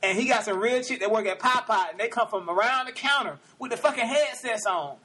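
A man hosting a casual hip-hop podcast, excitable and quick to laugh. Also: very high voice, husky. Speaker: podcast host.

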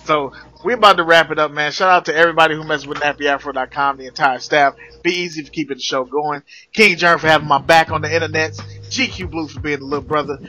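A man hosting a casual podcast, teasing and joking loudly with plenty of profanity. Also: a little high, steady tone, quick pace. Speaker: podcast host. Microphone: remote call.

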